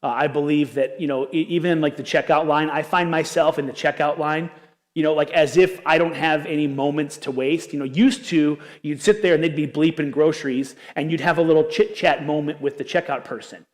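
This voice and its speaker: A male pastor preaching a sermon in an animated, conversational storytelling manner. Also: fairly high pitch, brisk, big-room sound. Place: church auditorium.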